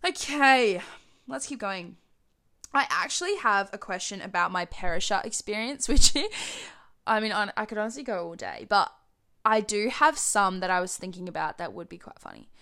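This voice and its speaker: A woman's voice: mid-range voice, expressive, normal speed, sharp tone. A young Australian woman chatting to her viewers in a rambling, giggly way, full of "like". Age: young adult. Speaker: vlogger. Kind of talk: casual chat to camera.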